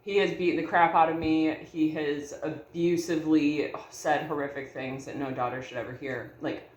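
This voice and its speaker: A woman's voice: sits low, fairly even intonation, moderate pace, darkish tone. A woman in her thirties telling a personal story to her viewers in an earnest, heartfelt way, calling them y'all. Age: 30s. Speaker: vlogger. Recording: echoey room.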